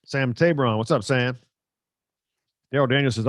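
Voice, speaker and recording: A man's voice: medium pitch, moderate pace, no room sound. Rambling, joking middle-aged man, dry close mic. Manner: rambling, joking, self-mocking. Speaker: sportscaster hosting a live stream. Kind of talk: casual live-stream chat reading viewer comments. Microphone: close microphone.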